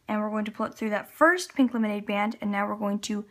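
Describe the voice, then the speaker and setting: Speaking quickly in a medium-pitched voice, a Canadian loom tutorial host chats casually as she shows each step of the craft. She gives little laughs and keeps working with her hands, recorded by a camera on a tripod at the table.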